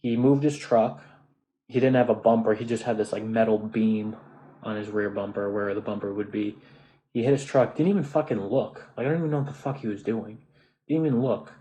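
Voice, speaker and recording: A man's voice: lowish voice, steady tone, fairly quick, dark tone, poor audio. A man in his twenties with an American accent, ranting in a casual monologue, swearing often and restarting his sentences. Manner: profane, restless, frequent restarts and fillers. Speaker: vlogger.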